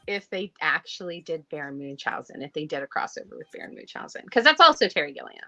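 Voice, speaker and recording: A woman's voice: low-pitched, very animated, quick pace, pushed and bright, soft background music. A woman co-hosting a casual pop culture podcast, chatty and enthusiastic, rambling from one thought to the next. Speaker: podcast co-host. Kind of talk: casual chat.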